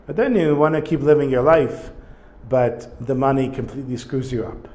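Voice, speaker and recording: A man teaching a religious text, reading short Hebrew passages and then explaining them in relaxed, plain English while thinking aloud. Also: mid-range voice, normal speed, a little hiss or hum. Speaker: Torah teacher. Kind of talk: casual text study lesson.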